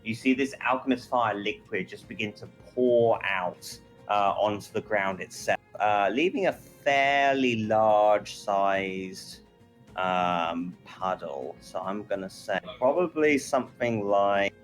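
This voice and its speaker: A man's voice: fairly low pitch, takes it slowly, faint music behind, poor audio. A man narrating a tabletop game as game master, in a meandering way with many fillers.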